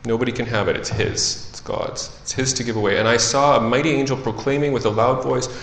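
A man preaching a sermon and reading scripture aloud, talking in a conversational way and swinging between soft, quiet stretches and louder, emphatic ones. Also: mid-range voice, steady tone, a little fast, reverberant, rough recording.

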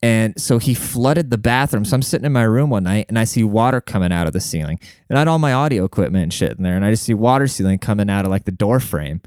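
A young man telling a long story to his viewers in a casual, profane, animated way, talking to them like a buddy. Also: lowish voice, fast, few pauses, clear, resonant tone, no room sound, clean studio sound. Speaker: vlogger.

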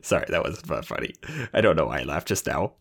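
A man's voice: extremely low pitch, animated, quick pace, vocal fry. A man who plays and co-hosts a tabletop game podcast, chatting casually and laughing at himself. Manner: self-amused and laughing. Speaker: player and co-host.

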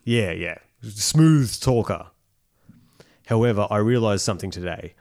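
Man, lowish voice, sarcastic, mocking, casual co-host. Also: creaky, a little mellow. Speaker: podcast co-host. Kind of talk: casual chat reading and mocking a thread.

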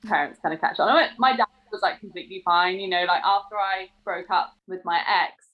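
Candid young English woman, lower voice. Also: fairly quick, muffled recording. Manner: frank, swears freely, chatty fillers like "like". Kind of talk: candid personal storytelling.

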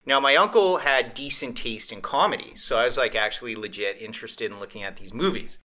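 A podcast host chatting casually and telling a rambling, animated story. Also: male voice, mid-range voice, a little fast.

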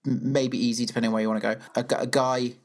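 A man's voice: mid-range voice, quick pace. Teasing male podcast co-host. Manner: teasing, playful, deadpan asides. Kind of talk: casual chat.

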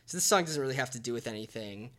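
A man co-hosting a podcast, explaining musicals in a relaxed, casual way. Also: mid-range voice, very fast, loud music behind the voice. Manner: relaxed, explanatory, hums melodies to illustrate. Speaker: podcast co-host. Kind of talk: casual chat about musicals.

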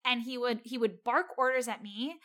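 A young woman casually telling a story about her time as a server, animated and quoting the people involved. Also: fairly high pitch, normal speed.

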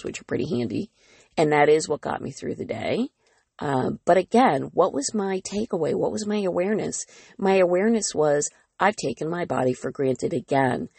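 A woman's voice: extremely low pitch, gravelly, a little mellow, slightly rough, no echo. A woman hosting her own podcast, talking candidly and earnestly in a reflective personal monologue, often poking fun at herself. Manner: candid, earnest, self-deprecating. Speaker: podcast host.

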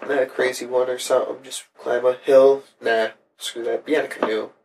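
A man's voice: medium pitch, little pitch movement, fairly quick, a little mellow. A young man co-hosting a podcast with laughing, crude banter. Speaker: podcast co-host. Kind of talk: casual podcast chat. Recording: faint background noise.

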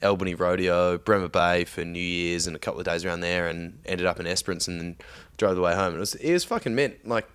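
A man's voice: low-pitched, fast talker, hardly any pauses, a bit bright, clear, resonant tone. A man casually telling a story on a podcast, laid-back, swearing often and laughing along.

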